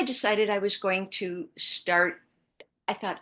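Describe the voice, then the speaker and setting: A woman author from the American Midwest, telling a personal story in a podcast interview, earnest and reflective, dropping to a hush and then rising with emphasis. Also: medium pitch, fairly even intonation, takes it slowly. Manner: earnest, reflective, shifting between hushed and bursting emphasis. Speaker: author guest.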